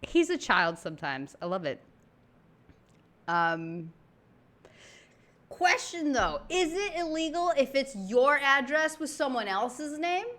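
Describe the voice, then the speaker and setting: A woman in casual chat, telling a story in an animated, slangy way as she reacts to a comedy clip. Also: sits high, takes it slowly, pauses often. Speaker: reaction video host.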